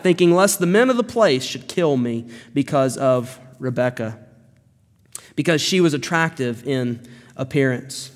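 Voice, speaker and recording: A man's voice: a little high, moderate pace. A male pastor preaching an earnest expository sermon, building up to emphatic rebukes. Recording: long reverb of a church hall.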